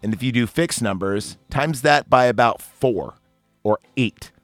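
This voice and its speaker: A man's voice: mid-range voice, measured pace, no room sound, studio quality, soft background music. A man hosting a casual podcast about a film, rambling, swearing often and laughing easily. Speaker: podcast host.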